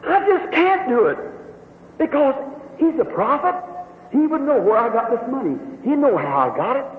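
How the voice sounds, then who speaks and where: A man's voice: on the high side, natural voice. A man voicing a timid, repentant woman in tears, stammering and pleading, inside a sermon. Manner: halting, stammering, breathless pleading. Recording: tinny phone-like echoey hall.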